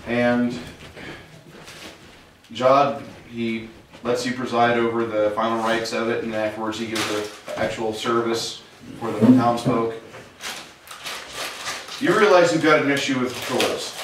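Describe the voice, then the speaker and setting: A man's voice: mid-range voice, steady tone, unhurried, pauses often, background noise. A man running a tabletop game as game master, narrating in a loose, joking way. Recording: echoey room, from a distance.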